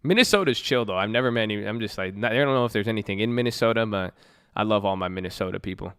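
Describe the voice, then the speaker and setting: Talking at a quick pace, this young live streamer from Southern California sits at his computer indoors reading viewer messages and joking around with slang and profanity. He has a fairly low, fairly bright voice that's clear and resonant.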